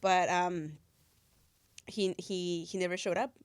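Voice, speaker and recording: A young woman co-hosting a podcast, recalling her school days in relaxed casual chat. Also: fairly low pitch, takes it slowly, clean tone, no room sound, studio quality. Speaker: podcast co-host.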